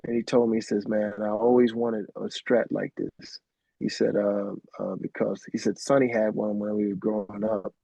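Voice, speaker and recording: A man's voice: fairly low pitch, level tone, moderate pace, gravelly, warm tone, no echo. A middle-aged man from Arkansas, an interview guest, telling rambling anecdotes peppered with "man". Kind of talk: casual storytelling interview. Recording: dry, dull lo-fi sound.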